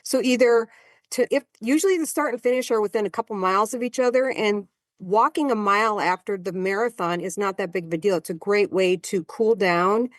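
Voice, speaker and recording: A woman in her sixties, a marathon runner guesting on a podcast, telling stories in a chatty, animated way. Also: medium pitch, a little fast, no room sound, studio quality. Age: 60s. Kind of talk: casual storytelling chat.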